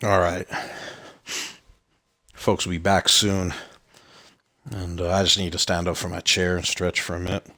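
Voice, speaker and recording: A man casually commenting on his own gameplay as a streamer, rambling and relaxed, with many ums and uhs. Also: low-pitched, a little slow, pauses often.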